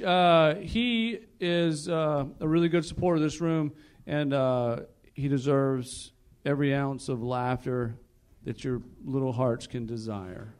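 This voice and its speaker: A man's voice: mid-range voice, unhurried, a little mellow, clear, resonant tone. Upbeat male comedy club emcee. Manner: upbeat, crowd-rallying banter. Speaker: comedy open-mic host. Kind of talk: emcee patter between acts.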